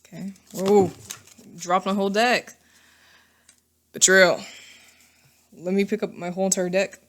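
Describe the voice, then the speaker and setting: A woman's voice: mid-range voice, level tone, unhurried. A woman giving a casual tarot reading to camera, chatty and thinking aloud, often laughing at herself. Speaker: tarot reader.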